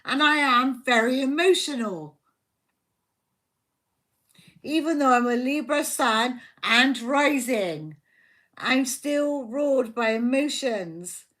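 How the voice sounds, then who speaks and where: A woman hosting a live tarot stream, talking to her viewers in a loose, rambling way. Her voice sits a little high and she takes her time, circling back over the same points. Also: expressive, slow pace, long pauses, fairly bright tone. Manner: rambling, chatty, repeats herself; talks to viewers by name, affectionate. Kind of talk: casual live-stream chat.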